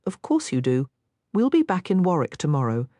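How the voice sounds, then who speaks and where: A calm, street-wise young woman, as a woman narrator puts her on, soft-spoken and steady. The low voice moves with an animated lilt. The sound is dry and close. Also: moderate pace, no room sound.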